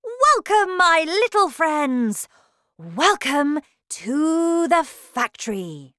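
A woman's voice: big pitch swings, slow pace, a bit bright, no echo, clean studio sound, exaggerated voice. A woman voicing a small, eccentric man who runs a factory, playful and theatrical in a storybook reading. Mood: excited. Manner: high, bouncy and theatrical. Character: eccentric small chocolate maker, excitable man.

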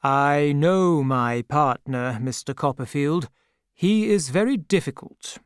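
A severe older lawyer speaks slowly and weighs every word, as a narrator puts him on. The voice is clean and smooth, a touch high for a man, in a dry close recording. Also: expressive, no room sound. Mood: stern. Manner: slow, emphatic, rising in anger. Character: stern older male lawyer, disapproving father.

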